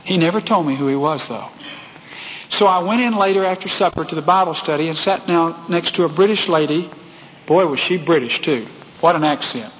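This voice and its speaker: A Texan man preaching a storytelling sermon, folksy and talking straight to the people in the pews. His voice sits a little high for a man. It carries a long reverb through a big hall, on a slightly dull recording with faint hiss underneath. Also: fairly quick, a bit bright. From Texas. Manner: folksy, addresses the congregation directly.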